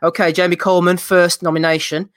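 A man hosting a casual podcast, reading out listener nominations with a jokey, quick manner and frequent laughter. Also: high-pitched, level tone, fairly bright tone, smooth, no echo, clean studio sound. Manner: jokey, laughs often, quick read-outs.

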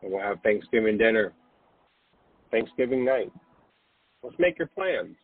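Husky, reassuring man, phone-like. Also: fairly low pitch, animated, measured pace, no echo. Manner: gentle, reassuring, guiding the listener to breathe and relax. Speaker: podcast host. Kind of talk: late-night spiritual podcast talk. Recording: dry, phone-like narrow sound.

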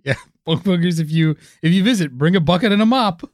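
A man's voice: sits high, lively intonation, fast talker, no room sound. A man co-hosting a comedic history podcast, telling the story with wry, teasing asides. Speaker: podcast co-host.

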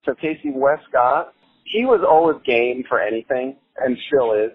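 A man telling a story in a casual, animated way, laughing as he goes and swearing freely. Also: medium pitch, moderate pace, breathy edge, dry recording. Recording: tinny phone-like sound with faint music.

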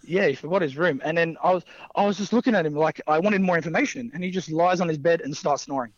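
A man's voice: on the high side, fast talker, no echo. A young man telling casual stories as a wrestler guest, rambling with fillers and frequent laughter. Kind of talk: casual anecdotal storytelling. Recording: dull lo-fi dry sound.

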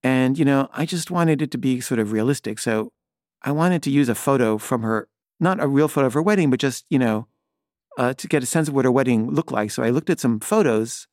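A man's voice: medium pitch, a little fast, no room sound, clean studio sound. A middle-aged man, a filmmaker, telling a personal story in a hesitant, wry, rambling way with many fillers and restarts.

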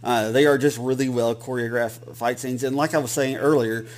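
A man's voice: mid-range voice, steady tone, normal speed. A man with a Southern accent, co-hosting a podcast in casual, rambling chat with many restarts. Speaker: podcast co-host.

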